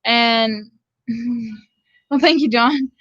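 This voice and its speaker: A woman's voice: fairly high pitch, extremely slow, fairly bright tone, no echo, muffled recording. A woman from Georgia with a Southern drawl, casually chatting to her live-stream viewers and rambling with frequent laughs. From Georgia, USA. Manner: rambling, laughs often between sentences. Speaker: vlogger reading live chat.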